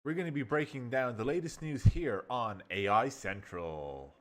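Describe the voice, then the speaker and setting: A man's voice: mid-range voice, animated, normal speed, lightly acted. A man voicing an upbeat male TV news anchor with an announcer-style delivery. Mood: excited.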